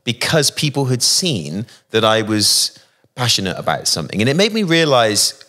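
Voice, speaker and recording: A man from England, a guest musician in a casual interview, telling thoughtful anecdotes with frequent pauses and fillers. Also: mid-range voice, very animated, pushed and bright. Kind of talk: casual interview, reflective storytelling.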